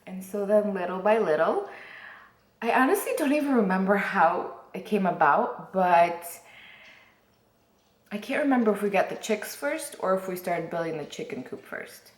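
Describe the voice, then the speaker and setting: A woman's voice: medium pitch, expressive, moderate pace, roomy sound. A woman vlogger chatting casually to camera, rambling with lots of fillers and restarts.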